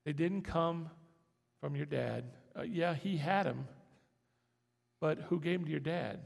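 A man delivers a folksy, conversational sermon, his voice sitting high with a gravelly fry at the ends of phrases. He talks in a church, and long reverb trails each phrase through the hall. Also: measured pace. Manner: folksy, conversational preaching with rising emphasis. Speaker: pastor.

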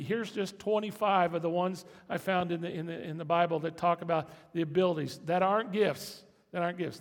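A man delivers a folksy, conversational sermon, his voice sitting high with a gravelly fry at the ends of phrases. He talks in a church, and long reverb trails each phrase through the hall. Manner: folksy, conversational preaching with rising emphasis. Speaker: pastor.

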